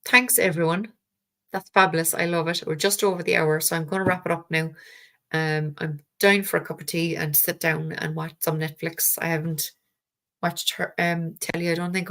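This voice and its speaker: A woman's voice: deep voice, fairly bright tone. An Irish woman hosting a tarot live stream, chatting casually and rambling with frequent fillers and the odd casual swear word. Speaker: tarot livestream host.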